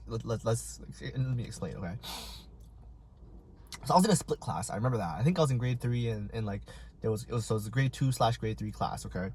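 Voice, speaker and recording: A man, telling stories in a casual, animated, self-mocking way and acting out voices. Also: medium pitch, fast, breathy edge. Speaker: vlogger. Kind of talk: casual storytelling while eating.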